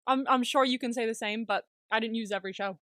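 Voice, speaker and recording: A young woman co-hosting a casual podcast, chatty and quick to laugh, swearing casually. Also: fairly high pitch, a bit bright, dry recording, clean studio sound. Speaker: podcast co-host. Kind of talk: casual chat.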